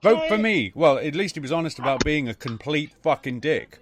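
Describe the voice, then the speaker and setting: A man's voice: on the high side, big pitch swings, brisk, crowd noise. A man from Britain hosting a casual podcast chat, rambling and swearing. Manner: profane, rambling. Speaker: podcast host.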